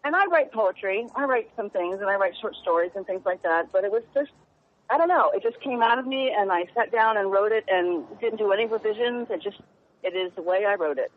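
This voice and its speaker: A woman journalist speaking as a radio guest in an earnest, halting, heartfelt way. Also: medium pitch, lively intonation. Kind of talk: phone-in radio interview. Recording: tinny phone line.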